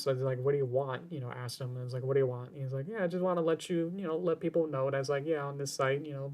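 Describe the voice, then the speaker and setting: A man streaming a game and chatting at an ordinary mid pitch, rambling in loose circles and stumbling over repeated words. Faint music plays softly behind his voice. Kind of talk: casual rambling stream chat.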